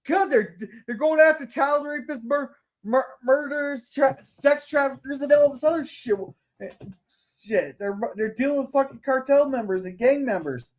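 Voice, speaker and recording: A man's voice: very high voice, moderate pace. A man hosting a casual podcast, talking bluntly with lots of swearing and stumbling restarts. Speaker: podcast host. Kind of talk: casual opinionated chat.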